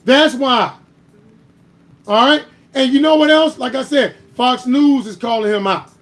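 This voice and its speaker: High-voiced man in heated political talk. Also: unhurried. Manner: emphatic, repeats "All right?" to press his points; heated and argumentative, builds to louder bursts. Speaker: host. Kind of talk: political commentary livestream.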